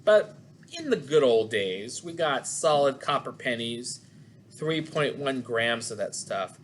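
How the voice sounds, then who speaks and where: A middle-aged physics instructor gives an online lecture over a video call, chatting and making jokey asides to students between worked problems. His mid-range voice has lively intonation and a slow pace, with a little hiss or hum in the recording.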